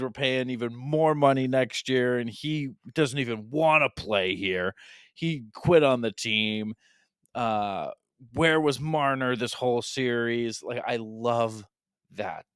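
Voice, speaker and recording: A man with a clear, smooth voice, co-hosting a casual sports podcast. He talks with gleeful mockery and swears casually. The recording is dry and close. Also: mid-range voice, takes it slowly, no echo. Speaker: podcast co-host.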